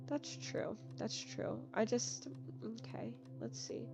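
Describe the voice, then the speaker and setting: A woman's voice: on the high side, slow pace. A young woman giving casual, rambling game commentary, full of fillers, with game music behind. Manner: chatty, filler-heavy, rambling. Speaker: gaming youtuber.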